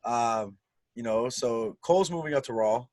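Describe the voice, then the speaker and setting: A man's voice: mid-range voice, normal speed, darkish tone, dry recording. A man co-hosting a wrestling podcast in casual chat, enthusiastic and peppering his talk with "man" and "dude". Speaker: podcast co-host.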